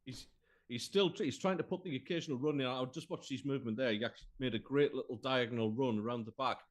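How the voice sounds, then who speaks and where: A man's voice: medium pitch, quick pace. A man joining a live football stream as guest co-commentator, speaking out about the play and the refereeing. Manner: outspoken, complains about refereeing decisions.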